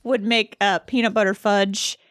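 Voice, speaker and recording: A woman's voice: mid-range voice, fairly even intonation, moderate pace, fairly bright tone, clean tone, no room sound, studio quality. A woman co-hosting a podcast, telling stories in casual chat and laughing through her words. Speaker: podcast co-host.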